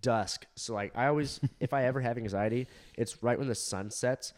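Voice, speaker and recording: A man's voice: mid-range voice, moderate pace. A young man from Southern California, a comedian, telling a long story in casual chat, rambling with lots of fillers, laughs and swearing. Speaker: comedian podcast co-host.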